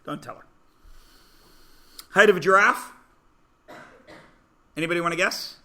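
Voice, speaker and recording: Bright-voiced joking male math teacher. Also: high voice, measured pace. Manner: joking, self-deprecating, prodding students to guess. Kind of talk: classroom lecture. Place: classroom.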